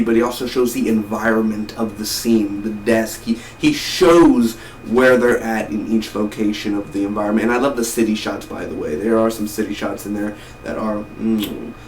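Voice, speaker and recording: A movie reviewer with an ordinary mid-range voice talks casually about a film, rambling, enthusiastic and repeating words. He sits some distance from the mic in a roomy space, with faint noise humming underneath.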